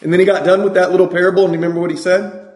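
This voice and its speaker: Middle-aged male preacher, lively sermon delivery, high-pitched, reverberant sanctuary sound. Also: very fast. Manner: energetic preaching, asks the congregation questions.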